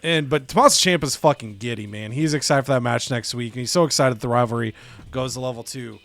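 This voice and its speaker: A man casually recapping a wrestling management game, animated and profane, slipping into other characters' voices. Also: medium pitch, fast, soft background music. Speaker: let's play host.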